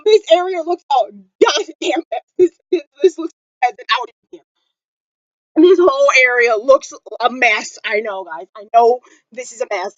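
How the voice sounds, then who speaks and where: A woman reviewing a TV episode in a loud, shrieking, overexcited way. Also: high-pitched, no echo, highs cut off. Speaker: TV reaction vlogger. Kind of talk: excited reaction review.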